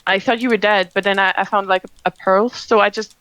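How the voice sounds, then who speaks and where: A woman voicing a kind humanoid hermit woman who speaks gently and reassuringly. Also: mid-range voice, fairly even intonation, a little fast, dry recording, natural voice, poor audio. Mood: gentle.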